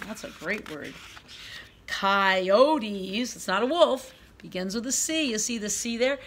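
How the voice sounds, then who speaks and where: A woman teaching a guided reading lesson for young children, sounding out letters clearly, reading quoted words loudly, and praising them often. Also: medium pitch, animated, takes it slowly. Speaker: preschool teacher.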